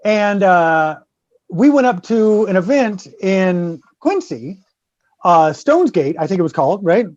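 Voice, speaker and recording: A man's voice: high voice, very animated, unhurried, a little mellow, no room sound. Profane man spinning a story, lo-fi. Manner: profane, swearing freely; acts out the people in his stories. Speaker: guest host. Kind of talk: casual podcast storytelling.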